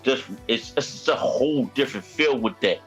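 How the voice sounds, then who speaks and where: A man's voice: medium pitch, a little fast, fairly bright tone, faint music behind. A man from the United States, a guest on a livestream, chatting casually in an easygoing, reflective way. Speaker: guest on stream. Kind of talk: casual chat.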